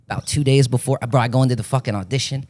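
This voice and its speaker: A man's voice: mid-range voice, steady tone, rapid-fire, a little mellow, a little hiss or hum. A young man from Florida, an actor, telling rambling, profane stories in a casual chat and acting out the voices of the people in them. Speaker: podcast guest, actor.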